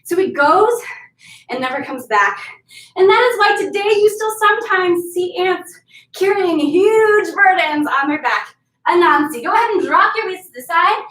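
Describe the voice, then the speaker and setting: High-voiced woman leading a workout. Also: expressive, normal speed, fairly bright tone. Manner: upbeat, counting out moves. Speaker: fitness instructor. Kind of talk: workout class told as a story. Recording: roomy, from mic distance.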